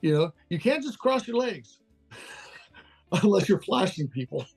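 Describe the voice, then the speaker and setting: A man's voice: high-pitched, very animated, a little slow, creaky, a little mellow, husky, soft background music. An older man from Texas, a guest in a casual interview, talking candidly and laughing easily. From Texas, USA. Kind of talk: casual interview over a call.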